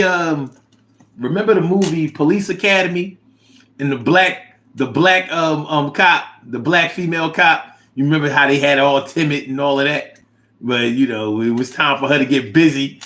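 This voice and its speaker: A man hosting a casual livestream, reading viewer comments aloud and reacting with animated, chat. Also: normal speed. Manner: animated, drops to low mumble reading comments.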